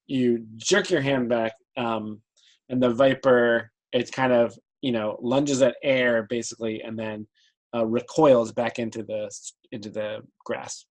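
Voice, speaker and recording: A man's voice: medium pitch, steady tone, a little slow, rough recording. A man narrating as game master of a tabletop game, hesitant with many fillers.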